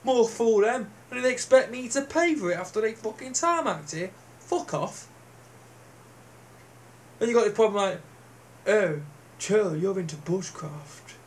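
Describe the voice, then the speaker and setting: A man's voice: very high-pitched, sing-song, normal speed, long pauses, slight background noise. A man ranting to camera in a sweary, sneering, mocking manner. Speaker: vlogger. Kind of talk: profane rant to camera.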